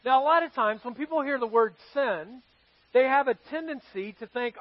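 At a church service before a live congregation, a man serving as pastor delivers a sermon in a very high-pitched voice at a moderate pace. His delivery is conversational, full of stories and questions for the listeners. There's no echo, and the highs are cut off.

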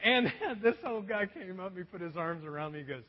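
Animated, self-mocking pastor in echoey hall. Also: male voice, high voice, brisk, heavy background noise. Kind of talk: storytelling sermon. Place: church auditorium. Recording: dull echoey hall recording.

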